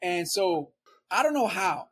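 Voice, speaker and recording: A man's voice: high-pitched, big pitch swings, measured pace, a bit bright, breathy edge. A young man telling a story in a conversation, in a loose, rambling way full of "like" and "right?". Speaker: interview guest.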